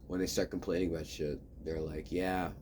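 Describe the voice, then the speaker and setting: A man's voice: very deep voice, level tone, a little fast, mellow, a little hiss or hum. A man talking in a casual vlog, rambling and ranting with a lot of swearing. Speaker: vlogger.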